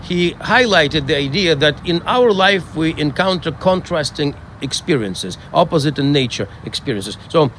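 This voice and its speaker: A middle-aged male rabbi giving a funeral eulogy, telling stories in a measured way with frequent hesitations. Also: a little high, animated, a bit bright, slight background noise.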